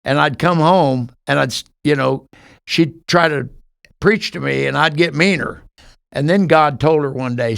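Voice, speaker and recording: A man's voice: a little high, moderate pace, vocal fry, a bit bright, dry recording, studio quality. A man in his sixties, a podcast guest telling his life story earnestly, acting out the dialogue he recounts.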